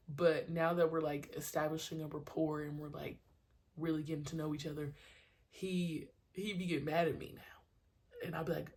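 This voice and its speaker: A woman podcast host and youth sports trainer, talking casually and animatedly, often acting out her own shouted coaching lines in a slangy, conversational way. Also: sits low, steady tone, normal speed. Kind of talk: casual monologue.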